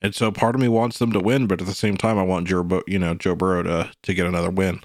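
Low-voiced man rambling about sports. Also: quick pace, no room sound, clean studio sound. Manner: rambling, lots of "you know" and "like"; animated, slips into mock quotes. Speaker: podcast co-host. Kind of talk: casual sports chat.

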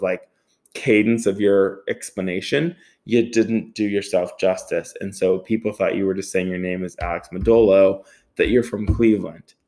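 A man's voice: low-pitched, a little mellow. A man in his thirties hosting a podcast, telling a college story in a loose, rambling way, swearing and laughing often. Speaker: podcast host. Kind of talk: casual storytelling monologue.

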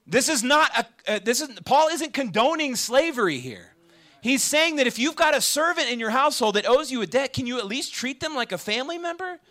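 Speaking in a very high voice at a fairly quick clip, a man delivers a sermon to a campus ministry gathering. His style is conversational and animated, and he keeps checking in with listeners by asking them questions.

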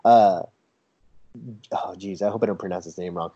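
A man chatting casually as a guest, an enthusiastic storyteller who acts out what others said in a lively, raised voice. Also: low voice, moderate pace. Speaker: toy photographer guest. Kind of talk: casual chat. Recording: dull lo-fi sound.

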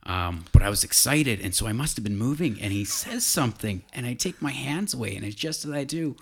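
A man's voice: mid-range voice, expressive, a little fast, creaky, a little hiss or hum. A man telling a casual hunting story, rambling with fillers and restarts.

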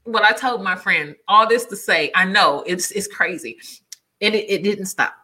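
A woman tells a story in an animated, emphatic way. Her voice is bright and forward, with a husky edge. She speaks in a relaxed, chatty tone. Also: medium pitch, moderate pace. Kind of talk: casual storytelling chat.

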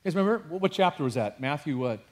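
A man preaching a sermon with passion, dropping to a hush and rising to emphasis, with casual asides to his congregation. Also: on the high side, lively intonation, fast. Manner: passionate, swings from hushed to emphatic. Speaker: pastor.

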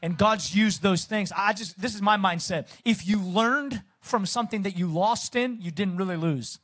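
A middle-aged man with a slight Southern accent speaks as a guest pastor, chatty and energetic. His voice sits notably high for a man, and he keeps the mood light with easy self-deprecating humor. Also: normal speed. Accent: Southern American, Texas. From Pacific Northwest of the US. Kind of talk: sermon introduction.

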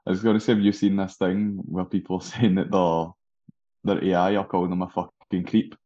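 A Scottish man chats in an easygoing, agreeable way, his voice sitting low. His mic sounds a little dull and muffled. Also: normal speed. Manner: relaxed, agreeable, short replies. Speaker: podcast co-host. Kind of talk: casual chat.

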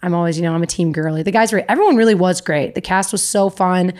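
A woman's voice: lowish voice, fast talker, a little mellow. Chatty young woman on a podcast. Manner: chatty, upbeat, full of "like" and "you know". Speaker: podcast co-host. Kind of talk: casual podcast chat.

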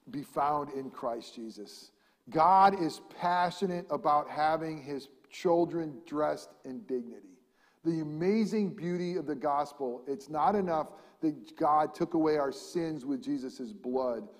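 A man's voice: mid-range voice, darkish tone. A man preaching a sermon as pastor, impassioned, repeating rhetorical questions and building to emphatic peaks. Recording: long hall reverb.

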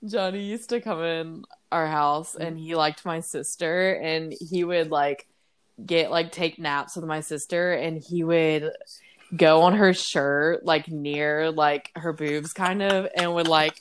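A woman's voice: low voice, fairly even intonation, slow pace, clear, resonant tone. A young woman hosting a podcast, chatting casually with a friend, laughing often and cutting in on him. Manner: giggly, laughs often, talks over the other speaker. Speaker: podcast host. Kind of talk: casual chat. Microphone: phone call.

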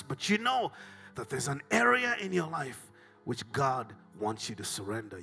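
A middle-aged African pastor with a Southern African accent and a medium-pitched voice preaches a sermon, swinging from hushed whispers to shouted climaxes.

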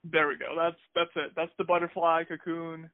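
This podcast co-host speaks at a moderate pace in a slightly high, steady voice, chatting casually with an upbeat hesitancy and plenty of restarts. The audio is dry and tinny, like a phone.

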